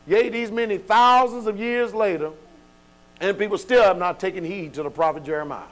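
A man's voice: high-pitched, moderate pace, a bit bright. A man preaching at a Bible study, with an emphatic, informal style full of rhetorical questions. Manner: informal speech with dropped verbs.

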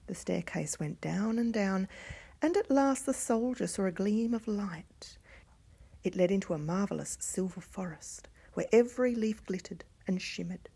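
A woman reading a fairy tale aloud in a hushed voice that often drops to a whisper. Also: mid-range voice, measured pace, creaky, breathy edge. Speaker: storyteller.

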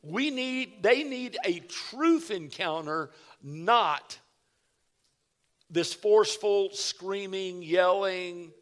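A man's voice: high-pitched, lively intonation, very slow, a bit bright. A man with a Texan accent preaching a sermon as pastor, emphatic and calling out to the congregation.

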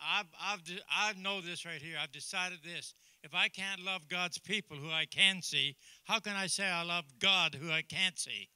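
A man's voice: sits high, pushed and bright, clean tone, no echo. A man from Canada, a pastor speaking to a church congregation in a jokey, earnest, encouraging way. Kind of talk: informal church talk.

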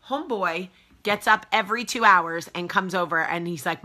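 A woman's voice: on the low side, moderate pace, pushed and bright. A woman in her forties hosting a casual morning live chat from home, chatty and greeting viewers by name. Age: 40s. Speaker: host.

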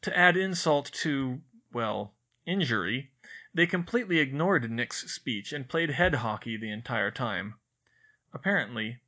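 Animated male audiobook narrator. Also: mid-range voice. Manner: expressive, animated reading.

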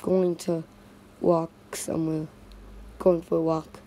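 A woman's voice: deep voice, flat delivery, takes it slowly, pauses often, warm tone. A woman narrating a playful toy stop-motion story in repetitive, sing-song toy voices.

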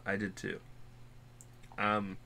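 A man's voice: fairly low pitch, completely flat delivery, takes it slowly, creaky, bright, forceful tone, slight background noise. A man co-hosting a music reaction video, talking loosely and rambling through a late-night chat while wearing a face mask. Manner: loose and rambling, swears casually, fidgety. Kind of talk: casual chat reacting to a song.

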